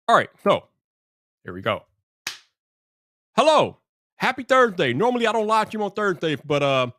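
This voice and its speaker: A man's voice: a little high, fairly bright tone, no room sound, clean studio sound. A man hosting a casual livestream, greeting chat viewers by name and sounding exasperated. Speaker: livestream commentary host.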